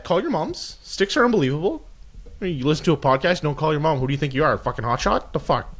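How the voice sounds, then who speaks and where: A man's voice: high-pitched, rough recording. A man putting on a crude, swaggering hockey bro for a podcast sign-off. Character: brash foul-mouthed male Canadian hockey bro.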